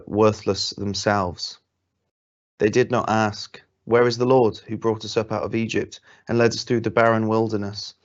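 A man with a somewhat low voice reads scripture aloud in a plain, steady way. He now and then stumbles on a word and corrects himself. The recording sounds dull and lo-fi. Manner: plain reading with small slips and self-corrections. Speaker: Bible reader.

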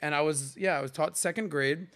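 A man's voice: a little high, brisk. A man in his forties hosting a podcast, chatting casually and acting out voices as he tells stories. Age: 40s. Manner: animated storyteller who acts out accents and voices. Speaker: podcast host. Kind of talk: casual chat.

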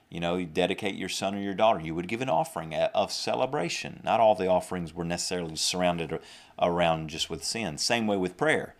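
A young man with a Southern US accent preaching a podcast sermon earnestly, often repeating and restarting his phrases. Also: sits low.

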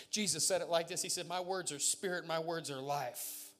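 A man preaching with a high, bright-pitched voice, his delivery swinging from quiet asides to loud, fervent declarations. He is a pastor who tells stories from the pulpit and laughs along with them. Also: moderate pace, few pauses, faint music behind. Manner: emphatic, rising to fervent declarations; jokes and laughs while telling stories. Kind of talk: sermon.

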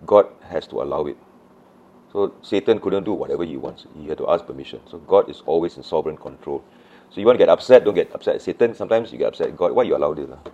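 A middle-aged man with a Malaysian English accent preaching a sermon as pastor, telling the story lively and acting out voices. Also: low voice, lo-fi sound. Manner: animated storytelling, acts out voices of disciples.

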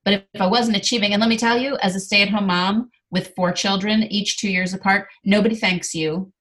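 A middle-aged woman speaking as a guest, candidly telling a personal story with lively delivery. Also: mid-range voice, brisk. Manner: animated, acts out quoted dialogue.

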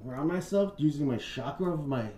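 A man's voice: a little high, animated, brisk, mellow, a little hiss or hum. A young man co-hosting a casual podcast, goofy and teasing in an easy, jokey manner. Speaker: podcast co-host.

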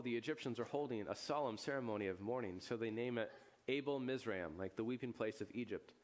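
A man preaches a sermon at a mid-range pitch, telling the scripture story like a lively storyteller. He rises into loud, excited bursts and then sinks into quiet, solemn lines. Casual asides and small chuckles keep it conversational. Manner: chuckles and asides in everyday speech. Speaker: pastor.

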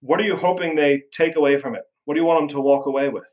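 A man's voice: on the high side, fairly even intonation, fast talker, darkish tone, dull audio. A man hosting a conversation, affirming and earnest, with emphatic repetition. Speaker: host. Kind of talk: conversational interview.

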